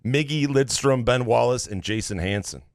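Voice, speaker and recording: A man co-hosting a casual sports podcast, deadpan, reading listener takes aloud and dropping low for dry asides. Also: moderate pace, no echo.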